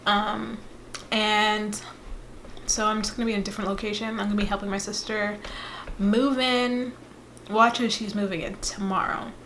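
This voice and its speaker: A woman's voice: medium pitch, little pitch movement, moderate pace, a bit bright, a little hiss or hum. A young woman in her twenties chatting casually to her viewers in a playful, rambling way. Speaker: vlogger. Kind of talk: casual vlog chat.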